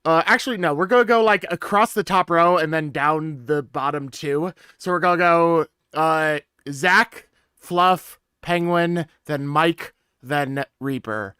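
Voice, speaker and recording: Bright, clear-voiced man running the game. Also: on the high side, no echo, clean studio sound. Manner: joking, loose, quick asides. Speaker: game master. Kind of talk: casual game intro chat.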